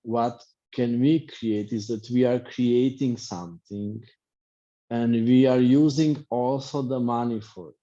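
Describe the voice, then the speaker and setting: A middle-aged life coach talks through an online class, circling back and repeating his points in short, reflective phrases. His voice is mellow and relaxed, at an ordinary pitch for a man. The video call audio is dull and lo-fi. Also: unhurried.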